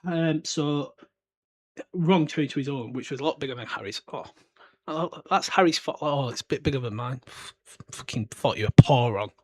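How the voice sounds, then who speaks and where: A man's voice: mid-range voice, moderate pace. A British man in his twenties hosting a podcast in a casual, rambling book discussion, chatting loosely and swearing offhand. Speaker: podcast host.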